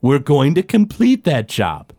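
A serious, unbothered dragon scholar, voiced by a man in a tabletop game, his words slow and measured. His pitch rises and falls freely, and the sound is dry and close. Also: huge pitch swings, warm tone, no room sound, heavily acted. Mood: stern. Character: calm, serious male dragon professor with claws.

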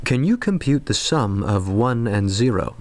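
A woman voicing a distinguished male scientist, composed and polite, with crisp, precise enunciation. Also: very deep voice, sing-song, unhurried, a little mellow, soft background music, pitched below the performer's own voice, full character voice. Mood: hard formal.

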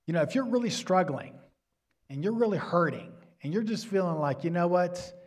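Husky man preaching a sermon. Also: high-pitched, expressive, normal speed. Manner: earnest, drops to soft near-whisper for emphasis. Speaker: pastor.

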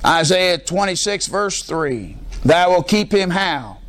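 This sermon comes from a middle-aged pastor whose high, fairly bright voice is animated yet slow. He preaches with emphasis and draws the congregation in through call-and-response questions.

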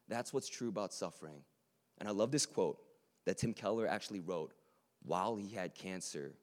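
A man's voice: fairly low pitch, darkish tone. A man preaching a sermon to a live room, earnest and conversational, with joking asides to the audience.

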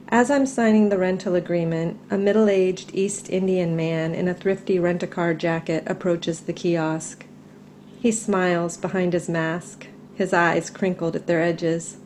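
Calm middle-aged woman reading her essay. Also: fairly low pitch, a little slow, slight background noise. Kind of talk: reading a personal essay aloud.

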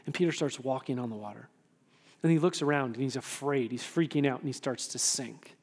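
A man pastor giving an animated sermon, often asking the room "right?" and acting out quotes. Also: mid-range voice, brisk, husky. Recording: long hall reverb.

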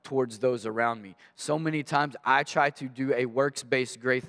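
A man preaching a sermon, telling personal stories in an animated way and acting out the voices in them. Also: mid-range voice, normal speed. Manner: animated storyteller, acts out voices in anecdotes. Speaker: guest pastor. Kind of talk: storytelling sermon. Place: church sanctuary. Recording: long reverb of a large hall.

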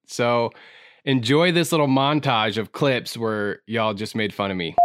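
A man's voice: medium pitch, measured pace, a bit bright, a little hiss or hum. A man hosting an improv podcast in casual chat, talking in a chatty, reflective and self-teasing way.

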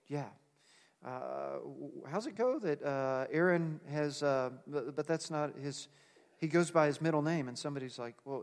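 A man delivers a sermon in an earnest, conversational tone, loosening his points with fillers along the way. His voice sits high for a man. The sound carries the long reverb of a large church hall. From United States. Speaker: pastor.

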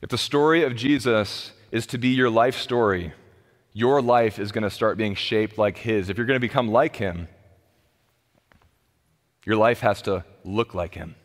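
Impassioned pastor preaching in a reverberant hall. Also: male voice, a little slow. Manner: impassioned, swings between loud pleading and low quiet emphasis. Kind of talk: sermon.

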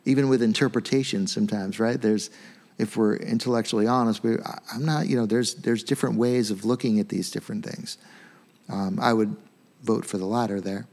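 A man, a pastor, giving a sermon in a conversational, animated way, often checking in with "right?". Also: lowish voice, brisk. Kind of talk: sermon teaching.

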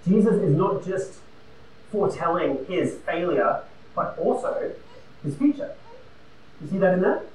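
A man's voice: high-pitched, expressive, a little slow, long pauses, a little hiss or hum. A man preaching in a roomy hall. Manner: emphatic, conversational preaching with loud-soft swings. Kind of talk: sermon. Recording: roomy and distant with faint ambience.

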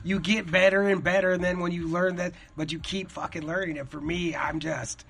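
A man's voice: sits high, flat delivery, brisk, creaky, a bit bright. A man, a comedian on a podcast, talking candidly and a bit self-doubtingly about learning stand-up, with casual swearing.

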